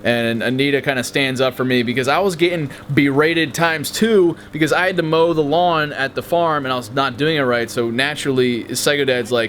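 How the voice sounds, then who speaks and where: A young male YouTuber with a slightly high voice talks at a normal speed with few pauses. He casually shares behind-the-scenes stories about his videos, swearing freely and acting out quotes energetically.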